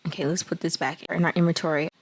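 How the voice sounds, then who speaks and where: Deep, husky, and fast, with fairly even intonation, this young woman's voice carries her let's play commentary on a life-sim game. She keeps it casual and chatty, laughs and apologizes a lot, and occasionally slips into character voices.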